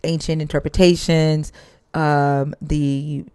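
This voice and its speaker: A woman hosting a livestream, chatting casually and telling stories in an animated way, swearing freely. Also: deep voice, takes it slowly, clear, resonant tone, no room sound, studio quality. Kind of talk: casual chat.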